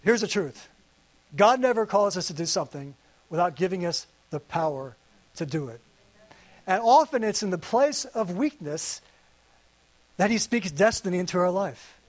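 A man with a high voice preaching to his congregation. He is earnest and conversational, and he slips in playful asides as he goes. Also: expressive, moderate pace, pauses often. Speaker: pastor. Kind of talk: sermon. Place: church service.

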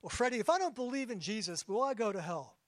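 A man's voice: high voice, big pitch swings, quick pace, a bit bright, dry recording, voice pushed up. A man voicing a puzzled woman from his family, earnest and questioning, quoted during a sermon.

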